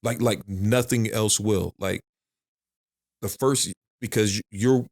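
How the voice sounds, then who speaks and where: A man's voice: on the low side, slow pace, a little mellow. A middle-aged man in casual podcast chat, rambling and repeating himself, swearing now and then. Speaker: podcast guest.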